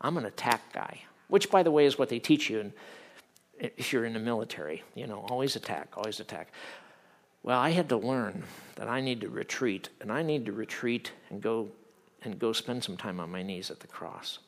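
Middle-aged male pastor, mid-range voice, lively sermon delivery with big swings in volume and pitch. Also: moderate pace. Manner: animated, swings from loud acted quotes to hushed earnest tones.

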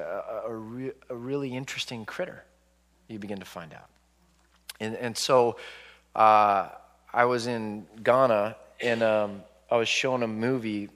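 A man in his forties speaking as an author to a live audience, telling stories in an animated way and acting out people's reactions. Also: medium pitch, unhurried, in a large hall. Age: 40s.

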